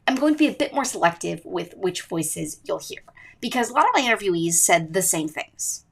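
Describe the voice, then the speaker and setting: Expressive teen girl podcast host. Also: on the low side, creaky. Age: teens. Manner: emphatic, rising and falling delivery. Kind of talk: scripted podcast narration.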